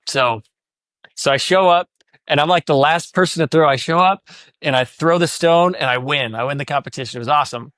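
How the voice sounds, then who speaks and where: A man's voice: mid-range voice, fairly even intonation, quick pace, a bit bright, smooth, no room sound, studio quality. A podcast host in casual chat, animatedly telling a story and acting out the voices he quotes. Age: adult, divorced four years ago.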